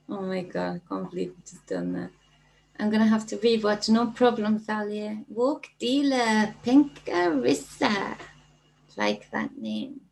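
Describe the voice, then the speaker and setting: A woman's voice: fairly high pitch, vocal fry, darkish tone, rough recording. A middle-aged woman with a Geordie accent hosting a casual livestream as a spiritual coach, reading out viewer comments and greeting people by name in an affectionate, chatty way. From North East England.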